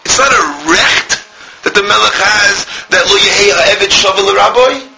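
A man, a rabbi and school director, preaching a sermon passionately, crying out at times and dropping to a hush as he tells stories. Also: high voice, steady tone, a little slow, gravelly, noisy background. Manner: impassioned, swinging from cries to hushed storytelling. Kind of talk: sermon with storytelling.

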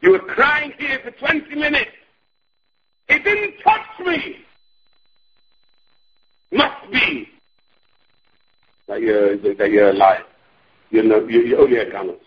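A man voicing a wise old rabbi who speaks in a measured, firm way, in a dull lo-fi recording. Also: mid-range voice, expressive, voice pushed down.

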